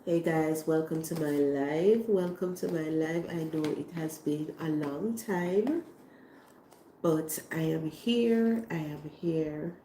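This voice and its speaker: A Jamaican woman who hosts a cooking channel, hoarse while getting over an illness, talking casually on a livestream and repeating her phrases with heartfelt faith. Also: deep voice, slow pace, dark tone, reverberant, a little hiss or hum. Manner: repetitive, heartfelt, faith-filled.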